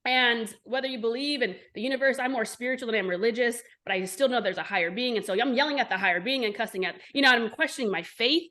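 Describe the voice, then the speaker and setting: A woman in her forties, an entrepreneur guest telling her story in an interview, blunt and animated, with frequent swearing. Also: on the high side, quick pace, hardly any pauses. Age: 40s.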